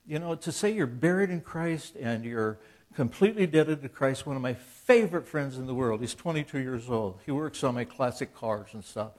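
A man's voice: medium pitch, expressive, normal speed, darkish tone. An older man in his seventies talks about faith in a loose, conversational preaching style. He is earnest and plainspoken, restarts his sentences, and drifts into asides and acted-out exchanges. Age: 70s. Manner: earnest and plainspoken, acts out quoted dialogue. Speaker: Christian author and speaker. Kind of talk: informal preaching talk.

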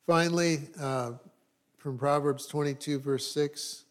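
Middle-aged male pastor, mid-pitched voice, easygoing sermon delivery with dry jokes and self-corrections. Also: fairly even intonation, moderate pace. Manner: conversational, with wry humorous asides and restarts.

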